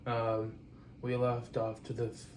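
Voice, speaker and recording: A man co-hosts a home podcast, speaking in a flat, even tone and pausing often with "um" and restarts. He sounds far from the microphone in an echoey room. There is clear background noise. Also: mid-range voice. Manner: halting, frequent "um" restarts. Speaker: podcast co-host. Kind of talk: casual chat. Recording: roomy, distant mic with clear background noise.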